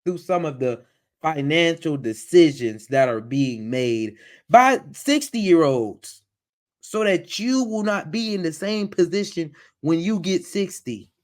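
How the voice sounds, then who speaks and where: A man's voice: on the high side, lively intonation, slow pace. A man hosting a livestream who reacts to a video in casual, exasperated commentary. He talks in a way, repeats phrases and mocks the voices he quotes.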